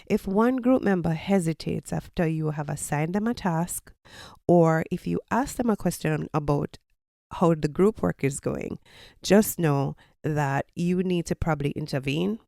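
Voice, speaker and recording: A woman's voice: sits low, gravelly, a little mellow, no room sound, clean studio sound. A Jamaican woman, a podcast host and college lecturer, giving casual advice in an explanatory, teacherly way. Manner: explanatory, teacherly, with personal anecdotes.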